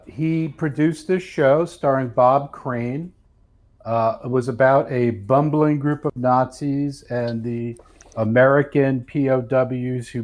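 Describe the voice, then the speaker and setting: A man's voice: mid-range voice, darkish tone. Man, casual chat guest, enthusiastic, explains at length. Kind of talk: casual live-stream chat.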